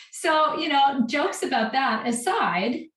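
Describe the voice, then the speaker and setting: A woman's voice: high voice, animated, slow, very noisy. A woman hosting a casual interview, affirming and encouraging her guest. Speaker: podcast host. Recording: echoey room, distant from the mic.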